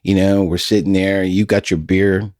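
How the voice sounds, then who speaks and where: A middle-aged man hosts a casual podcast with a folksy, storytelling way of talking. His voice sits low and sounds dry and close to the mic. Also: level tone, normal speed, a little mellow, no room sound. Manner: folksy, storytelling, laughs often. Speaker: podcast host.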